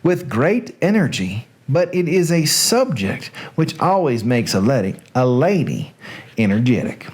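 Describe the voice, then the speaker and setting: A reserved, proud gentleman from a Regency novel, read by a man in a Southern American accent. His lines come out dry and measured, like a storybook read aloud. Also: medium pitch, sing-song, husky, pitched below the performer's own voice.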